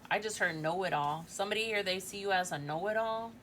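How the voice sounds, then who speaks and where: A woman's voice: mid-range voice, fast talker, fairly bright tone, a little hiss or hum. A woman in her forties giving a casual tarot reading, chatty and thinking aloud, often tagging lines with "right?". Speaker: tarot reader.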